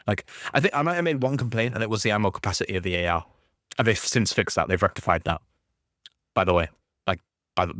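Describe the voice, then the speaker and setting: A man's voice: lowish voice, expressive, fairly quick, a bit bright, no room sound, clean studio sound. A man ranting about a video game series he loves, swearing constantly in an exasperated, passionate way. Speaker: gaming YouTuber.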